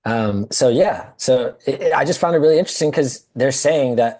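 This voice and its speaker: A man's voice: medium pitch, moderate pace, a little mellow, poor audio. A man co-hosting a podcast in casual chat, agreeing easily, laughing along and telling anecdotes. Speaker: podcast co-host.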